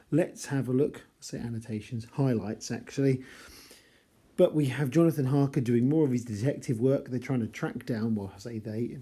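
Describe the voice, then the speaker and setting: Dark-voiced man discussing a novel. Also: mid-range voice. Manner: conversational, wry, chatty asides. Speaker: literature teacher. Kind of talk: casual chapter-by-chapter novel analysis.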